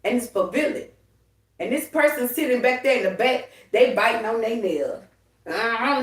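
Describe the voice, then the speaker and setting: A woman's voice: a little high, expressive, normal speed. A woman hosting a spiritual livestream in a heated, profane, preachy way. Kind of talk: casual spiritual livestream talk. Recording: echoey room, a bit far from the mic.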